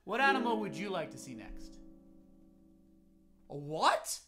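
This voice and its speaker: Lively man singing with children. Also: sits high, a little slow, music in the background. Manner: playful, sings and whispers to children. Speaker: music teacher. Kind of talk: children's singalong lesson.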